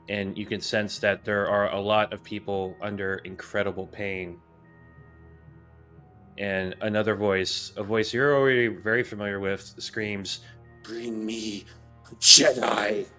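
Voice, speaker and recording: Calm low-voiced game master narrating. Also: male voice. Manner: calm, descriptive narration with frequent "uh".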